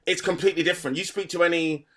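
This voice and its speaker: A man's voice: on the high side, fairly even intonation, very fast, fairly bright tone. A man with a Black Country accent, a stand-up comedian chatting casually on a podcast, rambling with frequent restarts and laughter. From Black Country, England.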